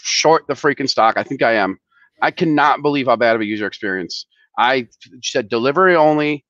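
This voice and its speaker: A man's voice: medium pitch, a bit bright, no echo, dull audio. A man co-hosting a casual live stream, worked up and ranting, swearing, with many restarts and repeated words. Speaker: show co-host, company head.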